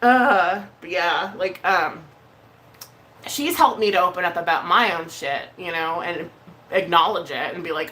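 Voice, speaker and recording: A woman vlogger chatting casually on a live stream, blunt and heated, swearing often and pausing on fillers. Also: fairly low pitch, bright, forceful tone, slight background noise. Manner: emotional, hesitant with many fillers.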